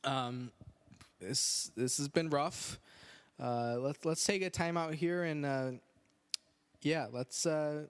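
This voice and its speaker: A man's voice: on the high side, smooth. A man hosting a casual podcast indoors, with a dry, sarcastic, joking way of talking. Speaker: podcast host. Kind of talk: casual chat. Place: indoors on a couch.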